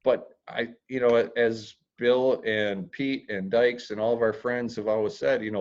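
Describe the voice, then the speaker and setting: A man's voice: mid-range voice, steady tone, a little slow, few pauses, darkish tone. A man talking as a guest in an interview about real estate, plain-spoken and blunt, with dry humor and the odd crude word. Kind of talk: podcast interview. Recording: dull lo-fi audio.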